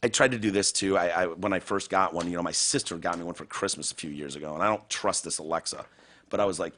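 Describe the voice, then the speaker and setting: A man hosting a casual podcast, telling crude, profane stories with big jumps in pitch. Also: fast, fairly bright tone. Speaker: podcast host.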